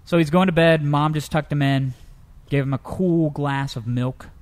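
A man co-hosting a comedic news-story show, telling tales in a lively, animated way. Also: moderate pace. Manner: lively storyteller, jumps into high pitch for characters. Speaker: co-host.

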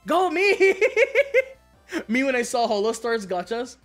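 A man streaming a game, chatting casually and telling stories, excitable and swearing a lot with frequent laughter. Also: extremely high pitch, unhurried, faint music behind. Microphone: streaming mic.

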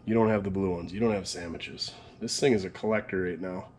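A laid-back man talks through a truck build in easygoing workshop commentary. His voice sits a little low, and he jokes with viewers as he goes. A faint hiss runs under the recording. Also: steady tone, brisk, darkish tone. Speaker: mechanic and video host.

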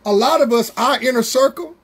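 A man preaching a Bible study sermon, drawing words out slowly for emphasis and calling out to members of the congregation. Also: very high-pitched, a bit bright, slight background noise. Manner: preaching with slow, drawn-out emphasis and call-outs to congregation members.

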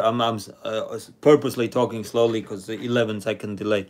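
A man's voice: fairly low pitch, fairly even intonation, fairly quick, hardly any pauses. A man hosting a live stream number game, chatting with viewers and reading out their names and rankings. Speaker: livestream host.

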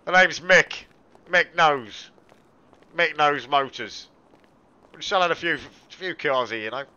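Man, car-dealer role-play; bright, forceful salesman patter, mate-and-buddy talk. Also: a little high, lively intonation, takes it slowly, clear, resonant tone, lo-fi sound. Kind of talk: in-character role-play over game voice chat.

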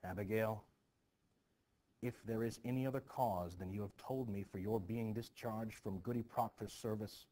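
A man's voice: on the low side, steady tone, moderate pace, warm tone, natural voice. A male teacher reading a play aloud, voicing an anxious, stern middle-aged minister who scolds his niece. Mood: scolding.

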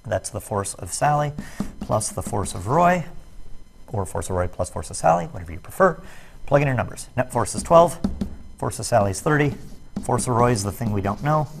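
A man's voice: mid-range voice, creaky. A man teaching a physics lesson on net force, explaining worked problems step by step with jokey, self-deprecating asides. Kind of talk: recorded classroom lesson video.

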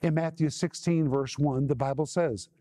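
A man's voice: a little high, fairly even intonation, normal speed, warm tone, no room sound, clean studio sound. A man delivering a televised Bible teaching, stressing key words by repeating them. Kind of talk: televised sermon.

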